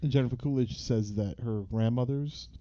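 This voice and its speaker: A man's voice: medium pitch, normal speed, dark tone, highs cut off. A man co-hosting a podcast in casual chat, jokey and interjecting, laughing a lot. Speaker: podcast co-host.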